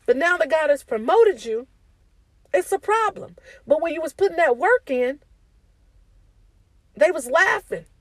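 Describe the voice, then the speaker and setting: A woman's voice: high-pitched, big pitch swings, moderate pace, no echo, poor audio. A woman giving an informal devotional talk to her online community, often asking "okay?" and speaking in a casual, preachy way. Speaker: faith speaker.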